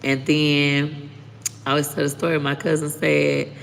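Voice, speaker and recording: A woman's voice: low voice, steady tone, moderate pace, gravelly. A woman chatting casually to viewers on her live stream, talking bluntly and candidly, swearing freely and thanking commenters often. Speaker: livestreaming content creator. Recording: reverberant room with faint background noise.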